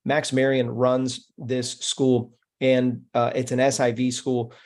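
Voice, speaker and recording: A man's voice: mid-range voice, takes it slowly. A man hosting a podcast, casually running through sponsor mentions with plenty of fillers. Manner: relaxed, with many fillers. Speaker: podcast host.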